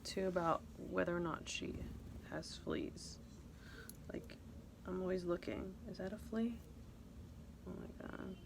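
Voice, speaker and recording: Giggly rambling woman with a gravelly edge. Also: mid-range voice, fairly bright tone, slight background noise. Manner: rambling, giggly, coos in a baby voice. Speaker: podcast host. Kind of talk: casual chat.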